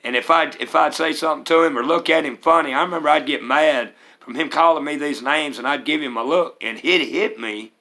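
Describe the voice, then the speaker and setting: A man's voice: on the high side, fairly quick, few pauses, pushed and bright. A man in his forties with a Mississippi accent, telling his life story in a candid, plain-spoken way with hesitant fillers. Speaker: vlogger sharing his recovery story. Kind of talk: personal storytelling.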